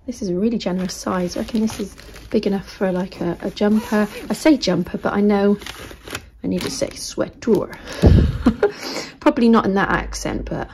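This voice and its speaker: A British woman chats through a casual craft vlog, showing off items to the camera. Her voice sits at an ordinary middle pitch. She keeps slipping into soft, half-whispered asides. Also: moderate pace, a little hiss or hum. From United Kingdom. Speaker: craft vlogger.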